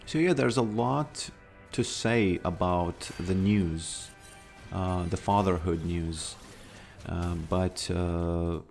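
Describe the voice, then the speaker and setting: A man's voice: low voice, slow, vocal fry, a little mellow, soft background music. A man from Latvia with a Latvian accent, chatting casually and rambling with many fillers while streaming a game. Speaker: gaming streamer. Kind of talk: casual live-stream chat while playing.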